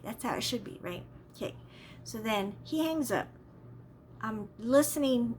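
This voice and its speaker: Woman vlogger with a slightly high voice, casual, exasperated storytelling. Faint background noise. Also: expressive, measured pace, a little mellow. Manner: rambling, exasperated, repeats herself.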